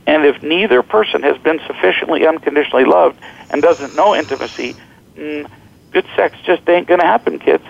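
A middle-aged man with a gravelly, slightly high voice tells stories in an animated, joking way, slipping into the voices of the people he quotes. The audio sounds dull and lo-fi. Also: brisk. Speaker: author and guest. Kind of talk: storytelling interview talk.

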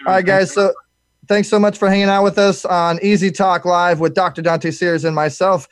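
A man hosting a live talk radio show, wrapping up with energetic, fast shout-outs and frequent repeated words. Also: high voice, clean tone, no room sound, clean studio sound.

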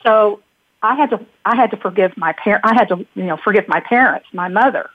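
A woman, a guest and birth mother, telling a personal story in a halting way, with frequent restarts. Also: medium pitch, no room sound. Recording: dry tinny phone-like line.

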